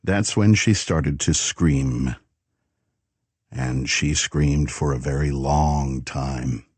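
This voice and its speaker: Low slow guy narrating a thriller audiobook, mellow dry sound. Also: slightly rough, no echo. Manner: measured, calm storytelling. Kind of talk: scripted narration.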